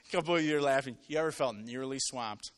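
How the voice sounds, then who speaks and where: A man preaching a sermon to a live congregation, telling stories and acting out voices, swinging from loud to quiet. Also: medium pitch, fast talker. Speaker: pastor. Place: church with live audience.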